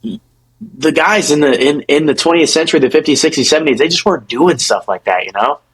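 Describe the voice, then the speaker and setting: A young man co-hosting a podcast, talking fast in a casual sports debate, often stumbling and repeating words as he restarts his thoughts. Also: a little high, lively intonation, a bit bright, slight background noise, low-quality recording. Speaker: podcast co-host.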